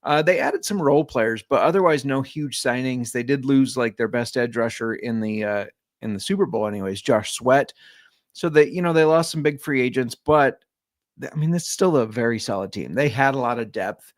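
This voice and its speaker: A man's voice: medium pitch, no echo, clean studio sound. A man co-hosting a casual football podcast, joking and teasing his co-host and reading sponsor ads. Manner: joking, teasing, quick reads. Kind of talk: casual sports chat with ad reads.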